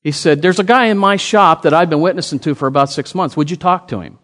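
Talking fast with a slightly high voice, a pastor delivers a sermon in a big-sounding room. He narrates a story complete with quoted dialogue, growing animated and rising into emphatic calls to his congregation.

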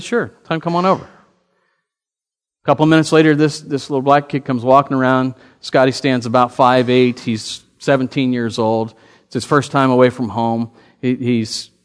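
A man's voice: medium pitch, in a large hall. A man preaching a sermon, telling a story with quoted dialogue and building to emphatic calls to the congregation. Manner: animated, rising to emphatic calls. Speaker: pastor.

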